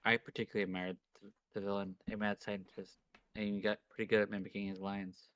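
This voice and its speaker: Low-voiced man reading a game aloud. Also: little pitch movement, quick pace, a bit bright, dry recording. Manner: dramatic first-person narration. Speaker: game streamer. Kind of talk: reading a visual novel aloud.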